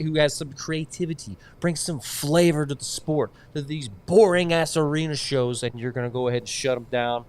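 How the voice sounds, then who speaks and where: A man's voice: medium pitch, moderate pace, few pauses. Opinionated drawling male host. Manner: opinionated, drawling, says y'all. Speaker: show host. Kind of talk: casual chat.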